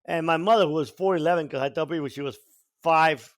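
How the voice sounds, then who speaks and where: An older man, originally from Cuba, sits as a podcast guest and tells his story at length. His voice sits high for a man, and he presses his points by repeating words for emphasis. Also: quick pace. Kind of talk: storytelling in an interview.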